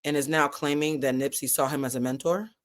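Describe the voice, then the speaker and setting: This commentary channel host, a woman with a New England accent, runs a casual live stream in a low voice at a slightly quick pace. Animated and prone to digressions, she curses freely while her volume swings from loud to soft.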